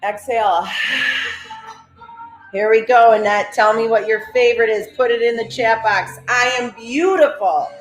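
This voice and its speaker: A woman's voice: a little high, measured pace, roomy sound, soft background music. A woman leading a live-streamed guided breathing and affirmation session, coaxing listeners through repeated instructions and reading out viewers' names. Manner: repetitive, coaxing instructions, calls listeners "baby"; reads out viewers' chat names.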